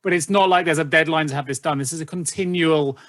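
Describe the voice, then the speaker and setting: Higher-voiced male podcast host, dry sound. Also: fast, fairly bright tone, dry recording. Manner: thoughtful, long questions with fillers. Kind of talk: interviewer asking questions.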